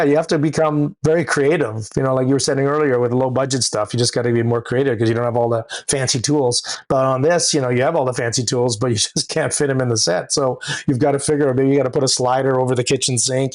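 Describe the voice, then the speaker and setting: Man telling set stories. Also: medium pitch. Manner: relaxed storytelling, acts out quoted dialogue. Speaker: camera operator and director. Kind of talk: casual podcast interview.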